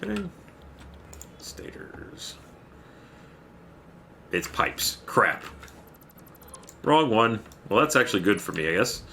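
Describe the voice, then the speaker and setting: A man's voice: fairly low pitch, big pitch swings, slow, creaky, long pauses, pushed and bright, a little hiss or hum. A man livestreaming a game, chatting casually, rambling and thanking viewers by name as he plays. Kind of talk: casual chat while playing a game.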